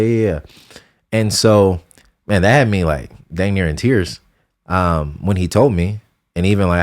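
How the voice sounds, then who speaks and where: A young man with a deep, low voice, speaking earnestly about a moment with his son. He talks in a relaxed, reflective way, as in a casual chat with a partner. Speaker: podcast co-host, father. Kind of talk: casual conversation.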